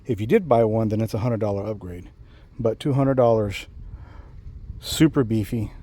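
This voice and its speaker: A man's voice: fairly low pitch, moderate pace, dark tone. A man hosting a casual install walkthrough and product review, rambling with frequent fillers and restarts. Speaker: channel host reviewing a bumper install.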